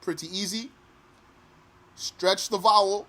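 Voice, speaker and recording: A man teaching pronunciation patiently, repeating each phrase slowly and sometimes chanting it. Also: high-pitched, a bit bright. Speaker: recitation teacher. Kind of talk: pronunciation lesson.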